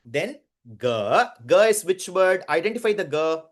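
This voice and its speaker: A man leads a chanting lesson at a very unhurried pace. He draws out every syllable and says each word again and again. He often stops to quiz his students. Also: high-pitched, sing-song. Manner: drawn-out syllables, repeats words, quizzes students. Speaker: Sanskrit chanting teacher.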